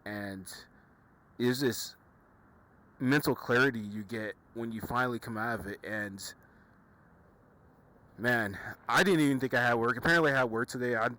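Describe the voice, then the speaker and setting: A man's voice: medium pitch, normal speed, long pauses, bright, forceful tone. A young man talking casually to his camera, rambling and often correcting himself, sounding tired. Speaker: YouTuber. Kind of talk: casual vlog monologue.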